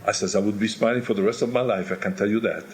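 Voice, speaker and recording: Older male singer, lowish voice, candid storyteller acting out crowd noise; faint background hiss. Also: fast talker. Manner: animated storyteller who imitates crowd noises. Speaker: opera singer telling stories. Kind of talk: candid interview anecdotes.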